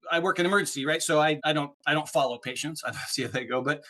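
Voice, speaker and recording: Male podcast guest, animated explainer, bright and slightly high voice. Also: fast talker. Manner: animated, explanatory, peppers talk with "right?". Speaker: podcast guest, speaker on neuroplasticity. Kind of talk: casual interview chat.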